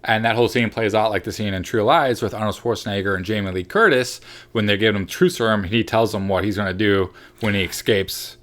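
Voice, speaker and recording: A man's voice: on the low side, a little fast, a bit bright. A man co-hosting a movie review show, chatting casually and enthusiastically with many restarts. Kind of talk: casual chat.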